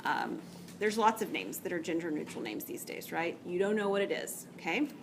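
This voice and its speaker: A woman's voice: fairly low pitch, animated, normal speed, gravelly, heavy background noise. A woman math teacher lecturing to a class, chatty and checking in often with "okay?". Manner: chatty, explains step by step with frequent "okay?" checks.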